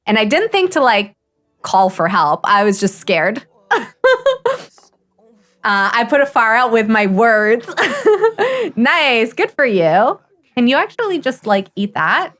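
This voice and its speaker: A woman streamer giving casual live gameplay commentary, excitable and gushing, often gasping and laughing. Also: fairly high pitch, a little slow.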